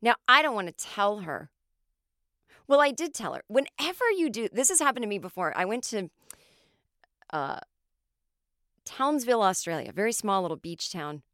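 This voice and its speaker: Clear-voiced American woman telling comic stories. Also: mid-range voice, normal speed, long pauses, no echo, studio quality. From United States. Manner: animated, swears freely, acts out quotes. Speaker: podcast host, comedian. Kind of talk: comic storytelling monologue.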